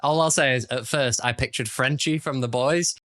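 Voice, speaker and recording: A man with a bright, forward voice takes part in casual podcast banter. He teases his friends in a mock-serious tone. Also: medium pitch, normal speed. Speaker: podcast co-host. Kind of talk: casual chat.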